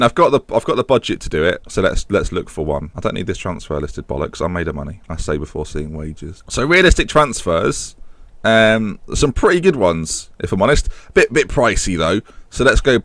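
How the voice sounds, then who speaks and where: A man's voice: fairly bright tone, no room sound. Self-mocking young British man. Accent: British English. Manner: self-mocking, chatty, puts on silly high voices for imagined characters. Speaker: gaming YouTuber. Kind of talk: casual game commentary.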